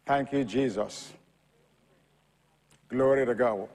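A man preaching a sermon, reading scripture quietly and then building to loud, shouted examples. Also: medium pitch, slow pace, big-room sound.

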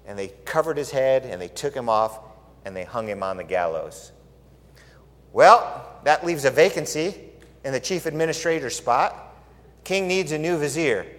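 A man retelling a Bible story as a sermon, in an animated, conversational way and asking his listeners questions. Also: mid-range voice, moderate pace. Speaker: preacher. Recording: echoey hall.

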